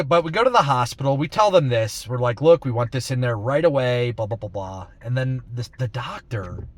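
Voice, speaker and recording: A man vlogging from inside a car, talking in a blunt, rambling, exasperated way. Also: mid-range voice. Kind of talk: casual monologue.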